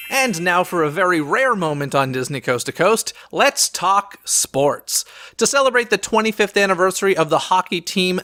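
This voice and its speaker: A man reads a scripted news roundup for his podcast, upbeat and quick with a wry, sarcastic streak. His voice sits high and sounds bright and forward. It is recorded close on a mic in a dry space with no echo.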